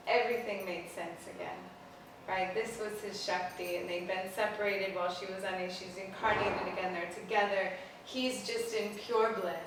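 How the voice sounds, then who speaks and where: A woman teacher retells an old myth in a casual, animated lecture, often leaning on "like". Her voice sits far from the mic and rings through a strongly echoing space, with faint ambience beneath it. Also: medium pitch, slight background noise. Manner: casual, animated, many "like" fillers. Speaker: spiritual teacher, pilgrimage leader. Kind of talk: storytelling lecture. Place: outdoors beside a temple. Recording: echoey space, voice from a distance.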